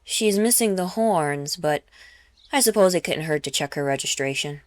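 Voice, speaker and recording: A woman voicing a huge, gruff male soldier who grumbles and barks orders. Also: on the high side, lively intonation, normal speed, no echo, natural voice.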